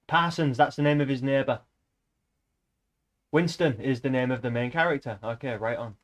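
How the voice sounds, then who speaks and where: A man's voice: medium pitch, moderate pace. A man streaming a casual read-aloud of a novel, breaking off into rambling, joking asides between passages.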